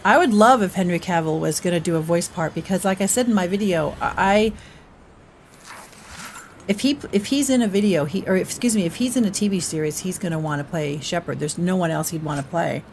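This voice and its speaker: A woman's voice: on the low side, a little fast, a little hiss or hum. A woman chats her way through a live gameplay stream. She rambles casually, hops between topics and reads her chat aloud. Her delivery stays loose and conversational. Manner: chatty, rambling, talks to chat between game actions.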